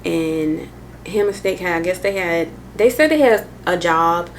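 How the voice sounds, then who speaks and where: Low gravelly woman telling her story. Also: measured pace, slight background noise, rough recording. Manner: loose slangy talk full of "like" and "or whatever"; candid, matter-of-fact retelling of hard memories. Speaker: storytime vlogger. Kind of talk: casual personal storytelling.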